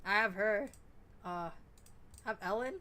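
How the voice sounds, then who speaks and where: A woman streamer chatting casually while playing a game, excitable and rambling, swearing freely. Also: mid-range voice, unhurried. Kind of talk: casual gaming stream chat.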